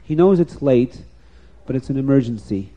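A man voicing the rabbi's earnest male assistant, delivering an urgent message in a hushed way. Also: medium pitch, animated, moderate pace, highs cut off, lightly acted.

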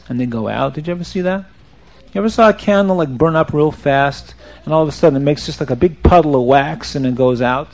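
Male storyteller for children, animated, slightly high voice with a gravelly rasp. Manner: animated, quizzes the listeners.

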